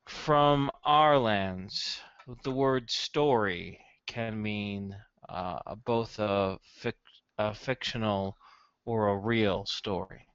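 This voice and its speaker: A man's voice: fairly low pitch, fairly bright tone, clear, resonant tone, dry recording, pitched below the performer's own voice, exaggerated voice. A man doing a formal, careful traveler. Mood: measured. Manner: slow, careful and polite. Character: formal, measured male traveler. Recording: dull, dry lo-fi audio.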